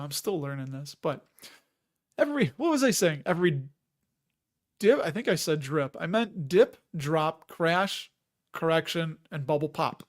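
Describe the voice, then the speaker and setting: Chatty, rambling male stream host. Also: fairly high pitch. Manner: rambling, chatty, reads viewer comments aloud. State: tired. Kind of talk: casual live-stream chat.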